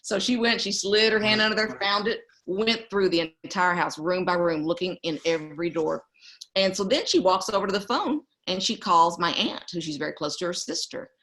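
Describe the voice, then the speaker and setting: Lively woman spinning a story. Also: lowish voice, normal speed. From East Texas. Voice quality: animated storyteller who laughs often. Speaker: guest. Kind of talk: casual storytelling in an interview.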